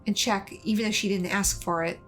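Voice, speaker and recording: Woman streamer, middle pitch, narrates a visual novel evenly, soft music behind. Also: fairly quick. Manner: steady, even reading, laughs often. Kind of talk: narrating a game aloud on a stream.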